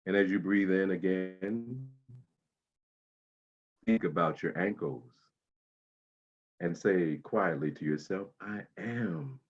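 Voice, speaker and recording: Man, guided meditation, low voice, slow and soothing, long pauses. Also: steady tone, dull audio.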